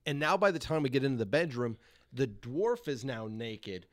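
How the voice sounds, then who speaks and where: Profane, animated male storyteller. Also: mid-range voice, moderate pace. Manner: profane, animated, laughs often. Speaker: podcast guest. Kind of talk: casual storytelling.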